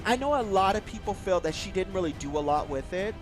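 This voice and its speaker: A man excitedly reviewing a movie in a casual, gushing way, swearing freely and acting out lines from the film. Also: high voice, quick pace, over music.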